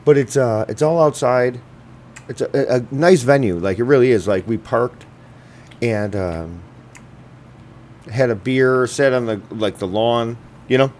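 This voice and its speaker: A man's voice: mid-range voice, unhurried, darkish tone. A man hosting a casual radio show, telling stories at a loose, rambling pace with lots of fillers and swearing. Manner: rambling, laid-back, swearing, many fillers. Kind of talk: casual chat.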